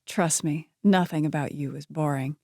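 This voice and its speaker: Woman voicing a young man, playful, droll, teasing, lowish voice, dry close sound. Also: moderate pace, creaky, a little mellow, no room sound. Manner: drolly joking, light.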